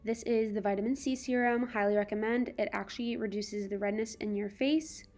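A young woman talks straight to the camera in a relaxed beauty vlog. She chats in an easygoing way, with fillers, soft laughs and a friendly, everyday voice at a middle pitch. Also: fairly quick, soft background music. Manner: chatty, with fillers and little laughs. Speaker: beauty vlogger. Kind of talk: casual vlog chat.

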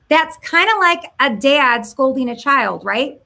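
A woman with a high voice delivers an impassioned monologue to camera. She mocks her targets, fires off rhetorical questions and slips into voices. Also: expressive, measured pace, few pauses, bright, forceful tone. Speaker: political commentator.

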